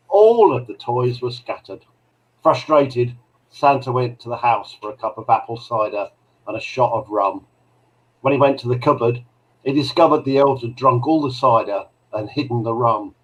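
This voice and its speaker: Husky man telling a joke story. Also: moderate pace, dull audio. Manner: storytelling, with a cheery high voice for the angel's lines. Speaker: co-host reading the weekly joke. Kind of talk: live stream chat, reading a joke story.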